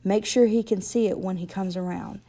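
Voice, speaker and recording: A woman reading aloud, voicing a hospital nurse who speaks quietly. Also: mid-range voice, fairly even intonation, moderate pace, lightly acted. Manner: quiet, gentle.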